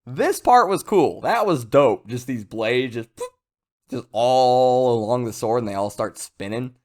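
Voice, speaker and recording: A man giving a casual, rambling video review of a comic chapter, chatty and lively. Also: medium pitch, unhurried. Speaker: manga reviewer.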